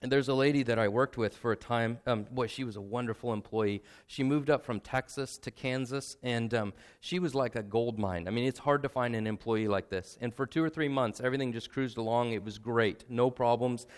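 A man's voice: mid-range voice, fairly quick, hardly any pauses. A man, perhaps in his thirties, preaching a sermon in an earnest, conversational way, often adding "right?" and at times close to tears. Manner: earnest and emotional, nearly tearful at times; conversational, with frequent "right?" asides and repetition. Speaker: pastor.

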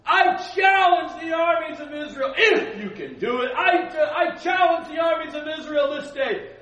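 A man acting out a boastful giant warrior who taunts an enemy army with slow, drawn-out shouts. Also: very high voice, animated, lo-fi sound, some chatter behind, pitched above the performer's own voice, heavily acted. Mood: bellowing taunt. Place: gym-like hall. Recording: roomy hall, distant mic, faint noise.

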